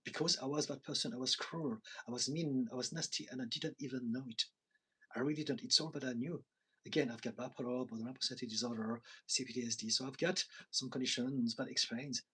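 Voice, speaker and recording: A man's voice: medium pitch, fairly even intonation, quick pace, fairly bright tone, breathy edge, poor audio. A man in his forties, a therapist and coach, talking earnestly and confessionally in a live chat with viewers. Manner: earnest, confessional, self-reflective.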